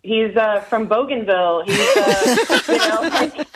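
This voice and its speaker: An American woman joining a radio show as a guest, friendly and a little hesitant, with plenty of pauses as she thinks. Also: medium pitch, very animated, noisy background. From United States. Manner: friendly, hesitant, many fillers. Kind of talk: casual on-air chat.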